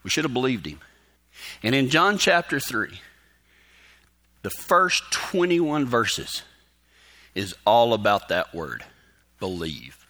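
A man's voice: medium pitch, sing-song, takes it slowly, long pauses, pushed and bright. A man preaching, telling a folksy story and chuckling often as he talks. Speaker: pastor. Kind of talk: storytelling sermon.

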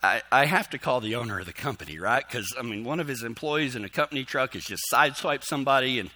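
A middle-aged man, calling in to a radio show and telling a story in a halting, animated way, acting out the dialogue. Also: medium pitch. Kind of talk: casual storytelling.

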